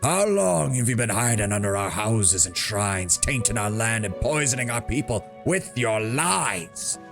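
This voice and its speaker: A man's voice: on the low side, a little fast, over music, close to an everyday voice. A man voicing an angry, grieving male crusader, reading game lines in a bitter, accusing way.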